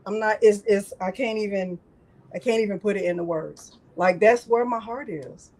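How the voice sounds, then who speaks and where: A woman's voice: medium pitch, moderate pace, darkish tone, low-quality recording. A woman hosting a live crafting stream in casual chat, rambling and emotional, often repeating herself.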